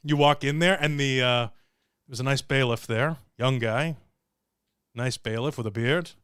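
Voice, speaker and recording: A show host with a smooth, clear, medium-pitched voice tells his livestream audience a long story at a normal pace. He's animated, jokes and swears freely, and acts out other people's lines. The recording is dry and close, with no echo.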